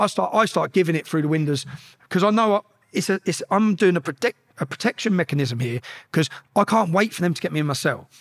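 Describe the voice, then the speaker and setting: A man telling a story as a podcast guest, animated and profane, acting out shouted exchanges. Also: on the high side, vocal fry, slightly rough. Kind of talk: casual storytelling.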